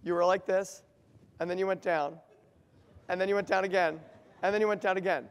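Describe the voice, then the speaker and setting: A man leads a workshop in a large hall, his voice carrying a long reverb. He quizzes the crowd and drives his points home with emphasis, sitting a little higher than most men. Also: a little fast, clean tone. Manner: asks the audience questions, lively and emphatic. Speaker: workshop speaker. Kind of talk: interactive talk to an audience.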